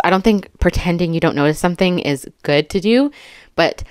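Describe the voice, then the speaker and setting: Speaking a touch fast in a lowish, darkish voice, a slightly out-of-breath woman in her thirties reads a list and chats about every item, laughing between comments and leaning on fillers. It's casual YouTube commentary, recorded dry and studio-clean.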